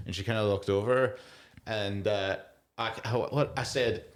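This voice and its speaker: A man's voice: lowish voice, steady tone, moderate pace. A man, co-hosting a casual podcast, telling a rambling, self-deprecating story and laughing often. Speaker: podcast co-host.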